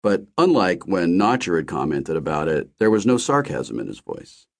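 A man narrating a novel in the first person with expressive storytelling. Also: low voice, moderate pace, creaky. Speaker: audiobook narrator.

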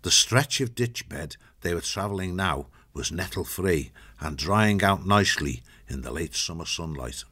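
A man reading an audiobook in steady, measured scripted narration. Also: low voice, husky.

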